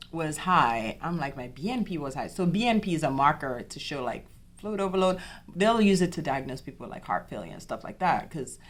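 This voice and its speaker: A young woman hosting a podcast, telling a personal story in an animated way, acting out the dialogue and often repeating herself. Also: sits low. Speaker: podcast host.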